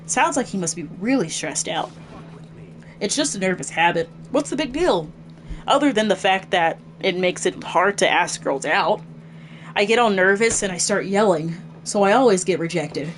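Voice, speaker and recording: A woman reading game lines aloud as a hot-headed, foul-mouthed young male gang leader, gruff and swearing. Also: medium pitch, a little hiss or hum, natural voice.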